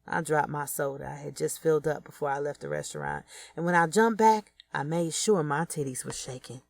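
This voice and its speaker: A woman's voice: sits low, big pitch swings, fairly quick, creaky, no echo. A woman narrating a first-person audiobook in a blunt, profane, streetwise way.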